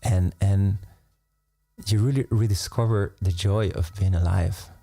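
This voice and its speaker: Low gravelly man, musing meditation talk. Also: fairly even intonation. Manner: unhurried, musing, laughs softly between thoughts. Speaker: meditation teacher. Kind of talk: reflective live-stream talk.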